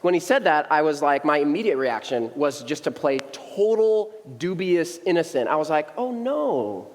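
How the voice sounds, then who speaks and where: Brief: pastor in his thirties, casual and playful, fairly high voice, long hall reverb. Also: expressive, normal speed. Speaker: young adults pastor. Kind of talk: humorous storytelling sermon. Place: church sanctuary.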